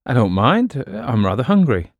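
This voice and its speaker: A man's voice: medium pitch, very animated, normal speed, vocal fry, dry recording, muffled recording, pitched above the performer's own voice. A man voicing a polite, curious young woman with a prim way of speaking.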